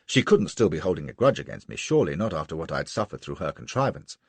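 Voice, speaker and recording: Husky guy reading a novel, brash and swaggering, lots of swing in his voice, dry close sound. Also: a bass voice, quick pace, no room sound. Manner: brash, boastful and lively. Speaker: audiobook narrator. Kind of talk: first-person novel narration.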